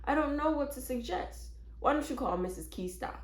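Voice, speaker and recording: A polite, kindly neighbor woman offering sympathy, as a woman reads her part. Her voice stays close to the narrator's own, gently raised. The reading has an echoey room sound. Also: high voice, animated, moderate pace, voice pushed up. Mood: sympathetic.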